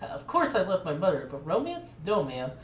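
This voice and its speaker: A woman's voice: fairly low pitch, huge pitch swings, fairly quick. A woman voicing an earnest male craftsman who loves wheels and machines. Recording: echoey room with faint noise.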